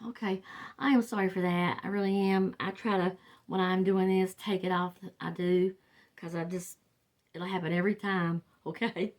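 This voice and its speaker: A lowish, steady-toned woman's voice moves at a moderate pace. The speaker, an older wreath crafter from the Carolinas with a Southern US accent, chats casually and rambles through her tutorial, drifting off and then restarting.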